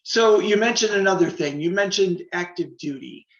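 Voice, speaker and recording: A man's voice: high voice, lively intonation, moderate pace. A man hosting a TV interview, asking short questions with brief encouraging interjections. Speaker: TV interview host. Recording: roomy dull-sounding studio audio.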